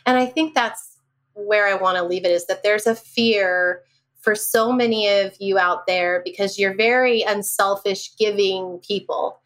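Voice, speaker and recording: A woman hosting a casual interview, speaking warmly and encouraging her guest with generous praise. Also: medium pitch, steady tone, measured pace. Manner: warm, encouraging, gushing praise. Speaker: podcast host.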